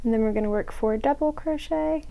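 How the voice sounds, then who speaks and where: A woman's voice: high-pitched, a little fast, gravelly, warm tone, slight background noise, low-quality recording. A young woman casually explaining a crochet pattern step by step, with chatty, self-mocking asides. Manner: chatty, self-mocking asides, drops to a whisper when muttering to herself. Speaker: crochet tutorial host.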